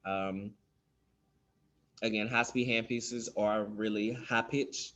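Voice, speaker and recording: Low-voiced man teaching casually. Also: fairly even intonation, slow pace, fairly bright tone. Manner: loose and conversational, many ums, acts out kid talk. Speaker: dental instructor. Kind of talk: casual spoken lesson.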